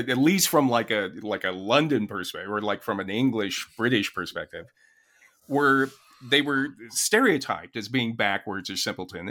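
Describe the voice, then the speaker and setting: A man's voice: mid-range voice, fairly bright tone. An American man co-hosting a podcast in casual chat, chuckling often as he explains things. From United States. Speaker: podcast co-host.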